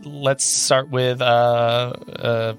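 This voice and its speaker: A man's voice: mid-range voice, little pitch movement, extremely slow, soft background music. A man narrating as game master of a tabletop game, chatty with frequent fillers. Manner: chatty, filler-heavy, laughing.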